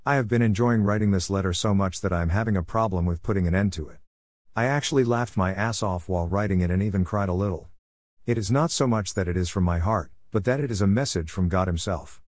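A man's voice: sits low, quick pace, a little mellow, dry recording, studio quality. A middle-aged man reading his own letter aloud, in a blunt, preachy and irreverent way. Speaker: podcast host.

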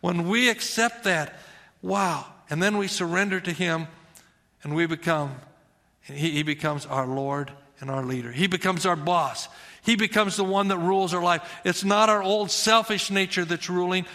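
Bright-voiced male pastor preaching in a hall. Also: sits high, moderate pace. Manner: earnest, conversational preaching with repeated phrases. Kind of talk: sermon.

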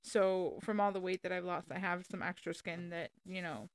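A woman's voice: fairly low pitch, normal speed, no room sound. A young woman, ranting candidly and profanely about her life in a casual vlog, rambling with frequent ums. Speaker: vlogger. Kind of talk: casual personal rant.

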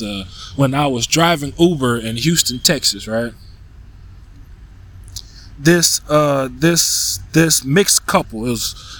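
A man's voice: medium pitch, fairly bright tone. A man hosting a podcast, talking bluntly in a casual monologue, swearing, restarting his sentences and filling gaps with "you know" and "right". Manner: blunt, profane, many restarts and fillers. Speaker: podcast host.

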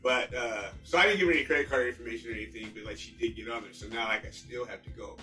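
A man's voice: medium pitch, racing. A man in his forties telling a frustrated story in casual chat and acting out both sides of the conversation. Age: 40s. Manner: animated ranting storyteller acting out dialogue. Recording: roomy, distant mic, faint music.

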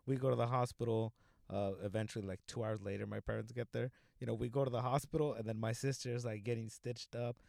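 A man's voice: medium pitch, fairly even intonation, quick pace, creaky, a little mellow, dry recording, clean studio sound. A young man from Southern California telling a rambling, profanity-laced story in casual chat, full of fillers like "like" and "you know.".

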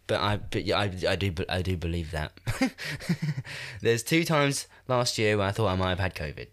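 Podcast host, twenties, stuffed-up nasal cold voice, low-pitched, loose self-mocking ramble. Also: male voice, lively intonation, moderate pace, a bit bright. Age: 20s. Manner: rambling, self-deprecating, laughs often. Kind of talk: casual chat. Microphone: new podcast microphone.

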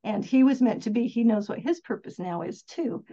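A woman with a fairly high voice chats as a podcast guest, upbeat and enthusiastic as she rambles through her stories. She often restarts her sentences. The recording sounds dull and lo-fi. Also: expressive, normal speed, mellow. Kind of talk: casual interview storytelling.

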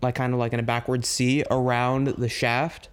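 A man's voice: mid-range voice, flat delivery, normal speed, clean tone. A young man co-hosting a podcast, rambling through a story in casual, profane chat. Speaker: podcast co-host.

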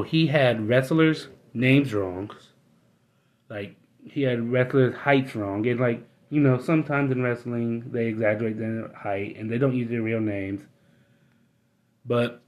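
A man's voice: mid-range voice, darkish tone. A man hosting his own podcast alone, ranting bluntly and with a lot of swearing, and he gets worked up as he talks. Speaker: podcast host. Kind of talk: casual ranting monologue.

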